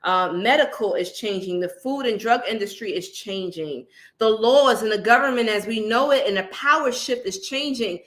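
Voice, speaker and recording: Bright stuffy-nosed woman preaching live. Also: fairly high pitch, normal speed. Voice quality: nasal. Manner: preachy, rallying, keeps calling the audience family. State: stuffy and nasal from a cold. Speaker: spiritual channel host. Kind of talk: livestream talk to viewers in chat.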